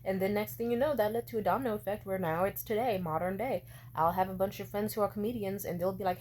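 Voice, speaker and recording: A woman's voice: mid-range voice, steady tone, quick pace, darkish tone, a little hiss or hum. A woman in her twenties telling a story in a casual vlog, rambling and swearing freely with lots of "like". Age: 20s. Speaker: vlogger.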